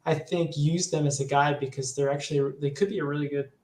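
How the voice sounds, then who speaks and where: A man's voice: fairly high pitch, steady tone, quick pace, a little mellow. A man, a guest on a livestream chat, talking in a thoughtful, hedging way. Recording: echoey room, faint ambience.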